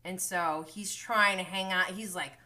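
Bright-voiced woman hosting a chatty recap. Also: lowish voice, unhurried. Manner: animated, blunt and opinionated, talks straight to viewers. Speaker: recap show host. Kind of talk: casual live reality-TV recap commentary.

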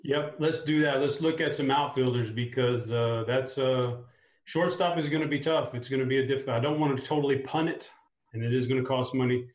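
A man hosting a casual fantasy sports chat, upbeat and talking his picks through out loud. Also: mid-range voice, fairly quick, reverberant, rough recording. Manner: upbeat, talks through a lineup aloud. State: clearing a tickle in his throat. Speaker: fantasy sports show host.

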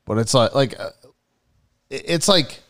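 A man's voice: mid-range voice, expressive, unhurried, fairly bright tone. A man co-hosting a podcast, chatting loosely with lots of fillers and swearing. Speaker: podcast co-host. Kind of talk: casual chat.

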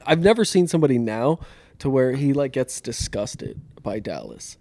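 A man's voice: medium pitch, sing-song, normal speed, vocal fry, mellow, dry recording. Rambling, laid-back male podcast co-host. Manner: laid-back, rambling with many fillers and profanity. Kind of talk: casual chat.

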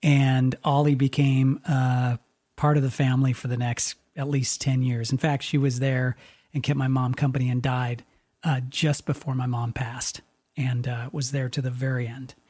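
A man, a radio DJ hosting a podcast, talking in a reflective, halting way and acting out the people in his story. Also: mid-range voice, flat delivery, darkish tone. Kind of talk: casual podcast conversation.

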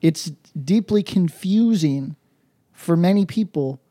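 A high-voiced man with lively intonation talks slowly while co-hosting a comedy podcast. He swears constantly and riffs through loose, rambling rants, swinging now and then into mock-patois shouts. It's crude comedic banter throughout.

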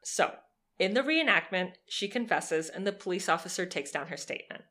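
A young woman co-hosting a podcast, telling a true crime story in a lively, sarcastic way and swearing freely. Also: lowish voice, a little fast. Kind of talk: casual storytelling chat.

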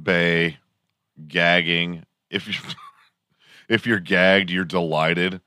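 A man hosting a morning talk show, sarcastic and crude as he rambles through his comic monologue. His voice is bright and fairly low, and his delivery is unhurried. The sound is dry and close. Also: fairly even intonation, no room sound. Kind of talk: comedic podcast monologue.

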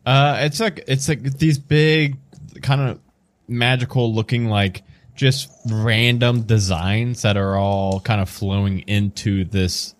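A man narrating as game master in a tabletop game, describing scenes haltingly with fillers and reading a riddle out slowly and solemnly. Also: fairly low pitch, steady tone, no echo. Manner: reads the riddle in a raised, slow, solemn voice.

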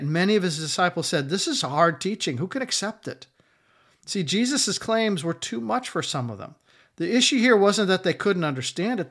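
A male pastor delivering a sermon, his voice sitting a little high for a man. He speaks emphatically and circles back to repeat his key lines for effect. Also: a bit bright.

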